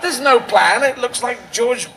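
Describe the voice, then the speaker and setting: A male comedian performs stand-up on an outdoor rally stage through a stage microphone, speaking in a high voice with gravelly fry. His delivery is rambling and playful, spinning absurdist riffs. Faint noise sits behind the voice. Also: measured pace, crowd noise.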